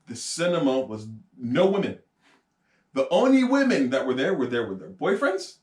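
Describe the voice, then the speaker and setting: This male podcast co-host has a fairly high, slightly mellow voice that swings wildly in pitch as he talks at a moderate pace. He jokes around and wanders off on tangents in casual chat, recorded in an echoey room.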